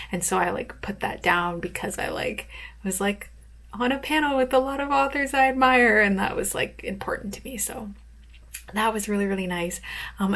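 A woman author chatting casually in a vlog, rambling with lots of fillers and soft laughs. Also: mid-range voice. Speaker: author vlogger.

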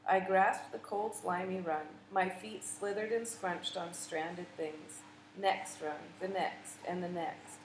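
A woman narrating a literary audiobook in a measured, vivid storytelling manner. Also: on the low side, fairly even intonation. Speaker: audiobook reader. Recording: echoey room with faint noise.

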